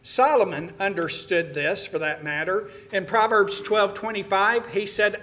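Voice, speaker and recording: A man's voice: high voice, unhurried, hardly any pauses, pushed and bright. A middle-aged man preaching to his congregation, telling a story in a folksy way with many "uh"s and restarts. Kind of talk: sermon to a congregation.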